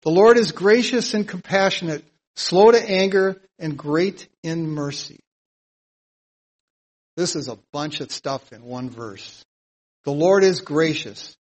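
A man teaching a psalm verse by verse in a sermon, earnest and plain-spoken, getting louder whenever he reads scripture aloud. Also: on the high side, takes it slowly, rough recording. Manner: emphatic, louder when reading scripture aloud. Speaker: Bible teacher.

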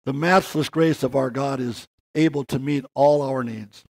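An older man giving an earnest sermon, slowing down and rising in pitch to stress key words. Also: gravelly. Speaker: preacher.

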